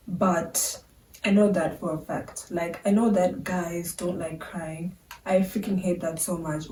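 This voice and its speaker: Speaking casually and candidly to her camera, this young adult vlogger chats away and leans heavily on fillers. She has a warm, fairly low voice, picked up from some distance in a room with a roomy sound.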